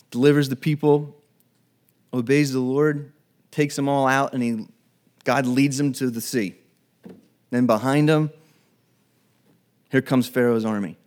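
A man's voice: medium pitch, a little mellow. Conversational male preacher. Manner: conversational, acts out Bible dialogue in quick voices. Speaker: pastor. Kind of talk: sermon.

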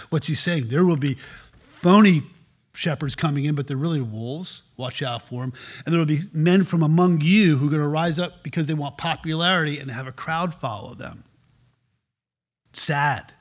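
A pastor delivering a sermon to his congregation. His voice sits a little high for a man, and he preaches in an animated way, jumping into quoted voices as he goes. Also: normal speed.

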